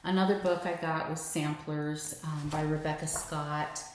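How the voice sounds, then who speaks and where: A woman's voice: low-pitched, fairly even intonation, a little slow. A woman chatting casually and enthusiastically as she shows her stitching purchases, sometimes dropping to a near whisper. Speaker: cross-stitch vlogger. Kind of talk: casual show-and-tell chat. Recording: very echoey room with faint noise.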